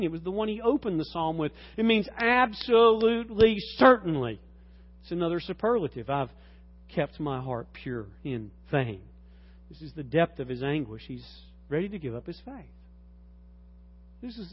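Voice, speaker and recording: A man's voice: animated, moderate pace. Man preaching a sermon, dull recording. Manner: swings from low and quiet to loud, high shouting. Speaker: pastor.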